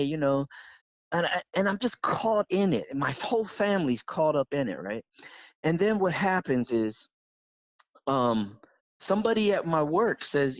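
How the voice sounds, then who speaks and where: A man phones in to a live stream, all worked up and rambling through his story in excited bursts. His voice comes through a dull, dry, muffled line. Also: a little high, normal speed, no echo. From Florida. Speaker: caller.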